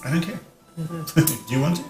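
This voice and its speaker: A man's voice: on the high side, lively intonation, moderate pace, warm tone. A man playing a tabletop game, talking bluntly and casually. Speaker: player. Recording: echoey room.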